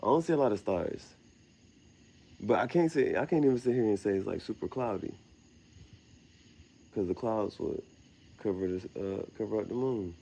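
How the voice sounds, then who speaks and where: Low, gravelly man rambling at night. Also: animated, normal speed, long pauses, warm tone, a little hiss or hum. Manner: meandering, slangy, laughs at himself. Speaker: vlogger. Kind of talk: rambling late-night monologue. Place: outdoors at night.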